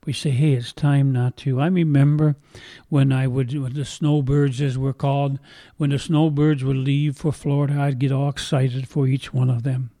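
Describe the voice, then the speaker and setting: A man's voice: mid-range voice, little pitch movement, normal speed, dark tone, dry recording. An older man preaching a sermon in an earnest, emotional way, retelling a story dramatically.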